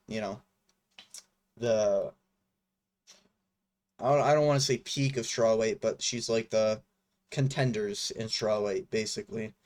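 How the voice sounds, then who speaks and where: A man's voice: medium pitch, darkish tone. Young guy rambling about fights, blunt, swears a lot, lots of likes and ums. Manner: rambling, frank, swears casually, many fillers. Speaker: MMA commentary vlogger. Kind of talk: casual fight breakdown.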